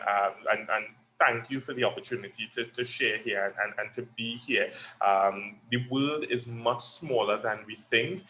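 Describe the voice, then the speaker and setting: A man's voice: medium pitch, pushed and bright, a little hiss or hum, low-quality recording. A young man with a Trinidadian accent, speaking earnestly as a guest in an online interview, with frequent ums and restarts. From Trinidad and Tobago. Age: young adult. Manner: earnest, measured speaking with many fillers.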